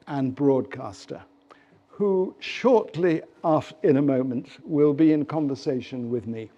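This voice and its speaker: An older man chairing an evening lecture, giving a formal welcome with measured delivery and dry jokes, on a mic in an arts centre hall. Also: fairly high pitch, warm tone, dull audio. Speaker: event chair introducing a lecture. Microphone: handheld mic on stage. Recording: reverberant hall.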